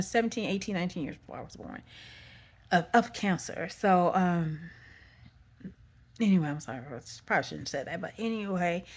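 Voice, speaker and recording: A woman with a Texan accent telling a personal story in a loose, rambling way, often correcting herself and saying "y'all.". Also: fairly low pitch. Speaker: vlogger. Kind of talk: casual storytime.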